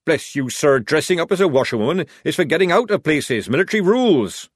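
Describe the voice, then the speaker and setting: Male reader as a gruff, sly old sergeant, rough speech, dry close sound. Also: fairly high pitch, big pitch swings, brisk, dry recording, voice pushed up. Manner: rough working-class speech, dropped words. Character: gruff, crafty old army sergeant, man.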